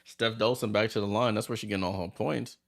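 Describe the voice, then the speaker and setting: A man hosting a watchalong, giving chatty, excitable play-by-play as he reacts aloud to the game. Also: lowish voice, fast, vocal fry. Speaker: watchalong host. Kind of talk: casual live play-by-play commentary.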